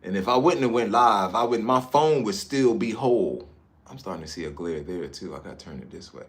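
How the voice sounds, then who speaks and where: A man from Newark, New Jersey, livestreaming casually from a high-rise hotel room on his phone and chatting with viewers about their comments. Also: expressive, a little fast. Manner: laid-back, chatty, drifts between comments. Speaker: livestream vlogger.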